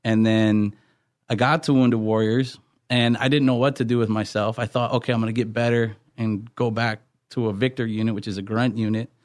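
A man's voice: lowish voice, fairly even intonation, brisk, dry recording, studio quality. A middle-aged man, a pastor, earnestly telling his life story in a podcast interview, often restarting his sentences.

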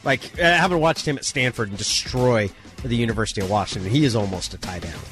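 A man co-hosting a sports radio show in casual chat, animated and opinionated. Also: lowish voice, quick pace, faint music behind.

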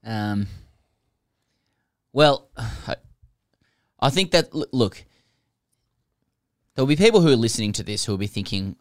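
A man, a podcast co-host, chatting casually and thinking aloud with halting restarts. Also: medium pitch, very animated, no echo, clean studio sound. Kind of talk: casual comedy podcast chat.

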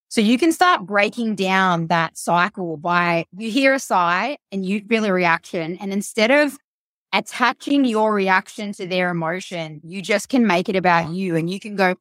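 A woman's voice: medium pitch, a bit bright, dry recording, studio quality. A woman coach giving guidance in a podcast conversation, earnest and explanatory, with frequent "like" and "you know". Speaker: mental health and performance coach, guest.

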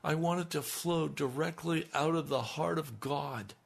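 A man preaching an impassioned radio sermon as pastor, swinging between loud emphasis and hushed, intimate lines. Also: on the high side, a little slow, creaky, breathy edge.

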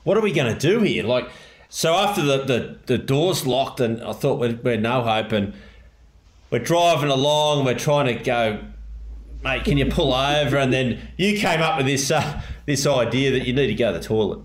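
A man's voice: medium pitch, animated, normal speed, roomy sound. An Australian man hosting a podcast, telling a story in casual chat with lots of laughter and rambling restarts. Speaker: podcast host.

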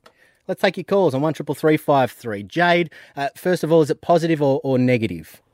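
Upbeat Australian radio host, dry studio sound. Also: male voice, a little high, animated, a little fast, darkish tone, no echo. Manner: upbeat, reads ads and takes calls. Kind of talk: breakfast radio banter. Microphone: studio mic.

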